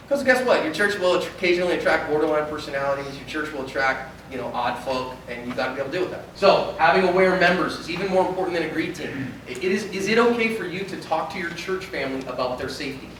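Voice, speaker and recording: A man who is a pastor, giving an animated conference talk and acting out little dialogues. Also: fairly high pitch, fast, few pauses, a little hiss or hum. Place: large conference hall. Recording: echoey hall from far off.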